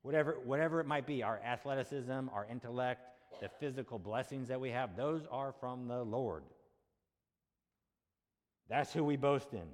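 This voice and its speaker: A man's voice: medium pitch, normal speed. A male pastor preaching a sermon in a conversational way, asking rhetorical questions and checking in with the congregation. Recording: long hall reverb.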